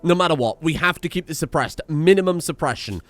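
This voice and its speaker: A British man giving excitable, sweary commentary while playing a video game, swinging between loud outbursts and low muttering. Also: a little fast, no room sound, soft background music. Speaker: let's play host. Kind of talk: gameplay commentary.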